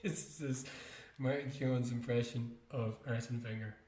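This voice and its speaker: A man co-hosting a podcast in relaxed, casual chat who laughs often and introduces audio clips. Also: medium pitch, measured pace. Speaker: podcast co-host. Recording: echoey room.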